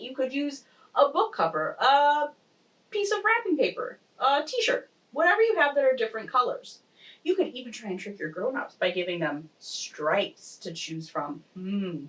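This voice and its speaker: Animated woman teaching young kids. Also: mid-range voice. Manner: animated, playful, talks to kids. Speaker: pre-K teacher. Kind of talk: children's lesson and read-aloud. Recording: distant mic.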